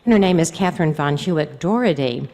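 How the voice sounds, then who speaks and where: A woman's voice: low voice, expressive, brisk, a little mellow. A woman, a religious sister, giving a conversational storytelling talk to a convention audience. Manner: conversational storyteller, acts out quoted speech. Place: large hall. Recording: reverberant hall.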